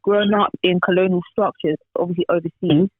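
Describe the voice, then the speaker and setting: A man's voice: high voice, fairly even intonation, fairly quick, no room sound. A man chatting casually on a podcast, rambling with lots of fillers over a remote call. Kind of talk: casual chat. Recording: tinny remote call line.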